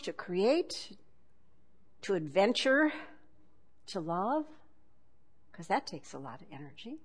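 A woman with a mid-range voice gives a conversational talk, reading passages from a book. She drops in wry asides and chuckles often.

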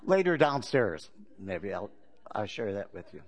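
A male pastor preaching a sermon in a relaxed, conversational storytelling manner, opening with a joke. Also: on the low side, unhurried.

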